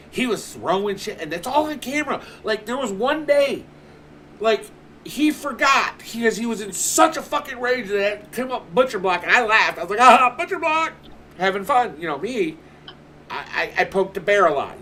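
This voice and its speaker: A man's voice: sits high, normal speed, a little hiss or hum. Foul-mouthed man ranting a story. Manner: swears constantly, animated rants. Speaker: streamer. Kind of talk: casual storytelling chat. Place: home.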